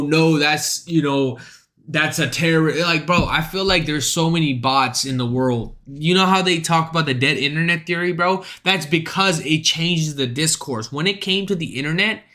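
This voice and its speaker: A man's voice: fairly high pitch, a little fast, hardly any pauses, pushed and bright. A young man streaming, reacting to clips in casual, profane, slangy commentary. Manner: slangy, talks over clips, says bro a lot.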